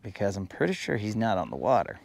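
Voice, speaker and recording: A man's voice: lowish voice, sing-song, quick pace, vocal fry. A man hosting a live fishing stream from a boat on a lake, joking around and teasing his chat viewers with mock-dramatic complaints. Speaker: fishing livestream host. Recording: outdoor live stream with faint boat and water noise.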